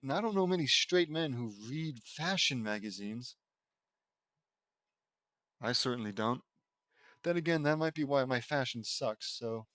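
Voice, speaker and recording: A man's voice: medium pitch, dry recording, studio quality. A man casually reading his own fan fiction aloud, with self-deprecating asides and frequent self-corrections. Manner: self-deprecating, chatty, stumbles and corrects himself.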